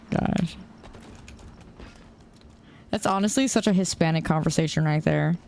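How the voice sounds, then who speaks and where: A woman's voice: low-pitched, slow, vocal fry, a little mellow, a little hiss or hum. A young woman streaming a shooter game, chatting casually with her chat and laughing often. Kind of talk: casual chat while gaming.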